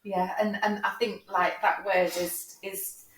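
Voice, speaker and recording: A woman's voice: mid-range voice, level tone, a little slow, fairly bright tone, a little hiss or hum. Woman interviewer, reflective and encouraging, heard from a distance in an echoey room. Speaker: podcast host. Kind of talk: casual interview chat. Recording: roomy sound from a distant mic.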